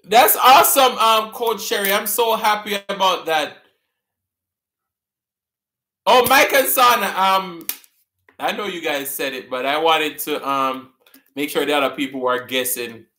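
A man's voice: high voice, measured pace, long pauses, pushed and bright, echoey room. A man with a Jamaican accent hosting a casual live stream, chatting with viewers and laughing often as he reads out their comments.

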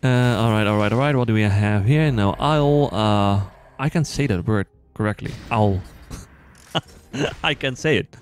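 A man with a non-native accent chatting casually to viewers while playing, quick to excited outbursts and joking at himself. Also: fairly low pitch, soft background music. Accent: non-native English accent. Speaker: gaming channel host. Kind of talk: casual let's-play commentary.

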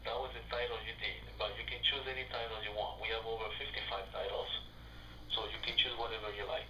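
Brief: French Canadian salesman, bright voice, pushy and repetitive, heard distant over a phone line. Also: flat delivery, quick pace. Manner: persistent, repetitive sales pitch. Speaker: telemarketer. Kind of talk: sales call. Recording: echoey distant phone line with faint noise.

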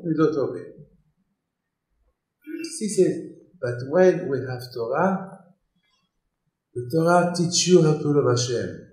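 A man, a rabbi, giving a sermon earnestly, often restarting his phrases and growing emphatic as his pitch climbs. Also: animated, slow, long pauses, darkish tone, reverberant, rough recording. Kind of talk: Torah sermon.

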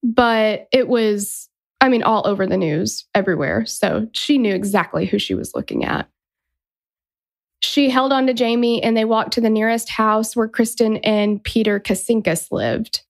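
A woman's voice: on the high side, moderate pace, vocal fry. A woman hosting a true crime podcast, retelling a case in a casual, chatty way. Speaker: podcast host.

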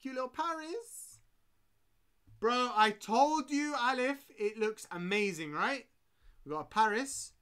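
An excitable young man commenting live as he opens card packs. His voice is bright and sharp, with pitch that jumps all over the place. He talks in slang and bursts into loud shouts. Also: takes it slowly, clear, resonant tone. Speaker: streamer. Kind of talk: live-stream pack-opening commentary.

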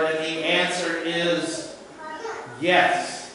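A male pastor giving a sermon, preaching slowly and emphatically with dramatic pauses. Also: high-pitched, fairly even intonation, a bit bright, slight background noise. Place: church sanctuary. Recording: distant mic in a reverberant church.

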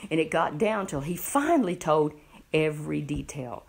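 Gravelly-voiced woman telling a Bible story. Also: low voice, moderate pace. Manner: animated, keeps asking the listener questions.

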